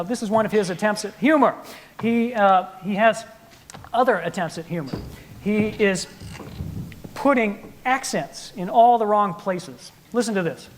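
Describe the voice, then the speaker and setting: Playful, high-voiced man explaining music. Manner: animated, playful explainer acting out the composer's attitude. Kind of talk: lecture-demonstration to a live audience. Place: concert hall with live audience.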